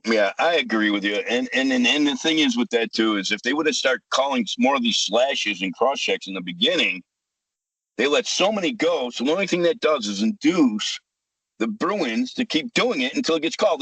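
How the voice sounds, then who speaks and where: A man's voice: mid-range voice, a bit bright, husky, no room sound, poor audio. A man, hosting a casual sports chat, ranting heatedly, swearing and repeating himself. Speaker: sports podcast host.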